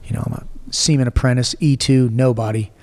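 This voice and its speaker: Speaking briskly at medium pitch, this guest is a man in his forties recounting something from his own life in a relaxed interview. He's blunt, profane and animated, and the sound carries the feel of a large hall.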